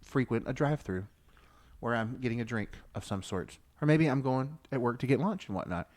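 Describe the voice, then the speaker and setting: A man's voice: medium pitch, a little fast. A man co-hosting a casual podcast, talking in a playful, rambling way. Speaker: podcast co-host.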